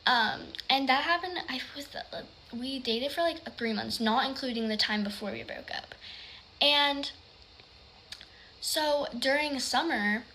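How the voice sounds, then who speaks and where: A woman telling a personal story in casual chat, rambling with lots of "like" and sometimes dropping to a hushed whisper. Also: high voice, a little slow, slight background noise. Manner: rambling, heavy use of "like".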